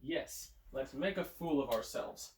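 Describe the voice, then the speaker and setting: A man's voice: mid-range voice, animated, measured pace, a little mellow, slight background noise. A young man chatting casually while playing guitar in a room at home, thinking aloud with hesitant restarts, recorded on a phone. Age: young adult. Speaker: amateur songwriter streaming a guitar session.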